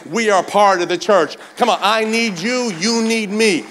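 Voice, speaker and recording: A male pastor preaching a sermon at a church service, fervent and urging, swinging between shouted exhortation and quiet speech. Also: high-pitched, unhurried. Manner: fervent, repeatedly urges the congregation with "come on".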